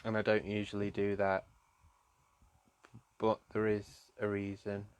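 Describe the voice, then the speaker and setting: A man, a psychic medium, gives a live-streamed tarot reading, speaking softly and affectionately to his viewers and calling them "my darling". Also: on the low side, monotone, measured pace, clean tone, no room sound. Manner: gently emotional, soft-spoken.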